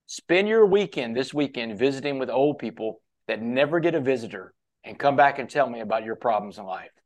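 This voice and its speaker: A man's voice: medium pitch, a little fast. A man guesting on a podcast, telling a long story in a casual, conversational way, often quoting others and dropping "man" into his sentences.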